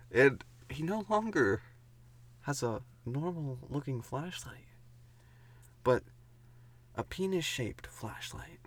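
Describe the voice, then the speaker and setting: A man improvising a comedic horror story as he goes, giggling often and dropping into a hushed whisper for the spooky parts. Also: mid-range voice, animated, takes it slowly, long pauses, a little hiss or hum. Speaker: podcast co-host narrating an improvised story.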